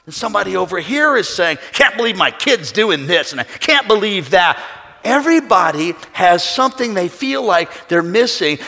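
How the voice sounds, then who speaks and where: A man preaching a sermon as pastor, swinging between quiet passages and shouted calls for praise. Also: sits high, slight background noise. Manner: preaching with shouted call-and-response bursts and acted quotes. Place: church sanctuary. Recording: reverberant hall with congregation.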